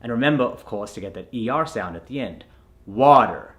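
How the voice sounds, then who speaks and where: A man teaching a pronunciation lesson as an accent coach, clear and instructive, spelling out sounds letter by letter. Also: medium pitch, expressive, fast, fairly bright tone.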